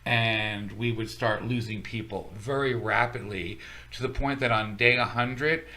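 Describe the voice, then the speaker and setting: A man's voice: lowish voice, steady tone, unhurried, sharp tone. A man co-hosting a casual talk show, wryly explaining figures from a study. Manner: wry, explains study results. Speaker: podcast co-host. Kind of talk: casual chat.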